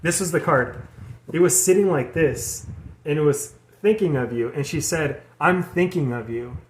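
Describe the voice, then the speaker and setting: A man's voice: on the high side, lively intonation, moderate pace. A young man giving a casual spiritual talk as a tarot reader, rambling, repeating words and restarting sentences.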